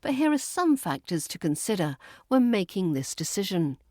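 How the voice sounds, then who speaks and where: A woman with a British accent teaching a pronunciation lesson, saying each word slowly and deliberately. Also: mid-range voice, sing-song, a little mellow, no room sound, studio quality. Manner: slow, deliberate, stresses each word clearly.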